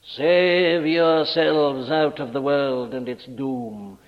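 A man preaching a sermon in a church, speaking emphatically and building to forceful declarations. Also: medium pitch, fairly even intonation, very slow. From Wales. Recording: dull archival recording in a large reverberant church.

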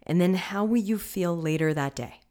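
A woman's voice: fairly low pitch, moderate pace, dark tone. A woman coaching listeners on mindful eating in a chatty, encouraging way, with many "you know"s. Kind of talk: casual advice talk to listeners.

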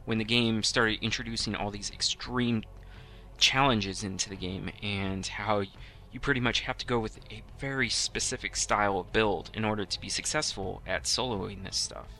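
A man's voice: on the low side, moderate pace, sharp tone. A middle-aged man co-hosting a casual podcast, rambling with lots of restarts and fillers. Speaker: podcast co-host.

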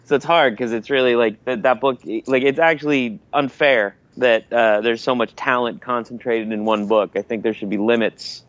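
A man guesting on a casual podcast, sick with a rough voice, joking and rambling. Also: mid-range voice, steady tone, normal speed, hardly any pauses, no room sound, highs cut off. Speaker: podcast guest, comic writer.

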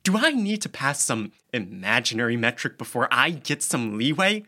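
A man's voice: medium pitch, sing-song, normal speed, bright, forceful tone. A man reading an audiobook, voicing a defensive young newcomer who feels out of his depth.

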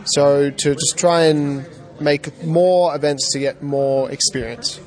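A man's voice: a little high, steady tone, slow, a little mellow. Australian man, brief plain answers. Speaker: interviewee. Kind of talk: casual interview answers.

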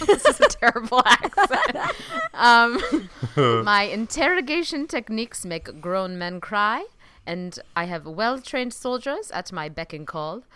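A woman's voice: on the high side, huge pitch swings, drawn-out words, sharp tone, dry recording, voice pushed up, heavily acted. A woman voicing a smug, evil male Nazi colonel from a film, with a hammy put-on foreign accent.

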